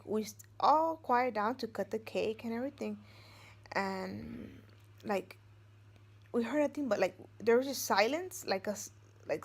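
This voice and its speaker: A middle-aged woman vlogging from home, telling a personal story in a rambling, meandering way. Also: medium pitch. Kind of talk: casual storytelling.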